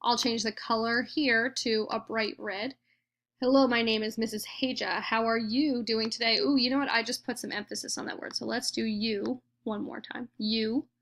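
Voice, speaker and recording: A woman teacher talks through a computer tutorial in a fairly high voice. She explains each click patiently, one step at a time. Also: fairly even intonation, moderate pace, fairly bright tone. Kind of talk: screen-recorded tutorial.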